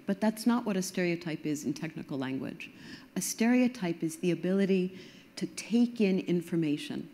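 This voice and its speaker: A woman's voice: fairly low pitch, dark tone, slight background noise. A middle-aged woman giving a conference talk, explaining earnestly and with emphasis. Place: stage before an audience.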